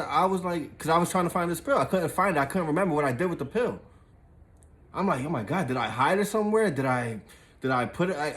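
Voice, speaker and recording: A young man telling a story in casual, profane talk, full of fillers and restarts. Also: a little high. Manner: loose and profane, with frequent fillers and laughs.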